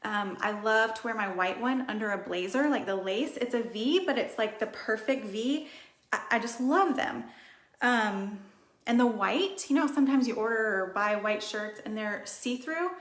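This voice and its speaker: A woman's voice: a little high, normal speed, a bit bright. A woman in her thirties hosting a casual live makeup tutorial from her home, rambling and chatty as she reads out viewer comments. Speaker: beauty livestream host. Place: room in her home, indoors. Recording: roomy echo of a home room.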